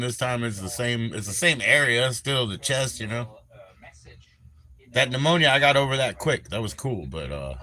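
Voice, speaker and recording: A man's voice: medium pitch, bright, forceful tone. An older man on a live stream, rambling and swearing as he greets viewers and chats casually.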